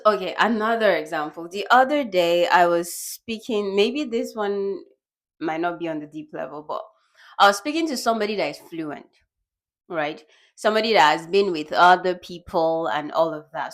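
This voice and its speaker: A young woman from Nigeria talking casually to the camera in a vlog, chatty and lively, acting out little bits of dialogue. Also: medium pitch. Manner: chatty, animated, acts out quoted dialogue with laughs. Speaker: vlogger. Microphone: small bought microphone.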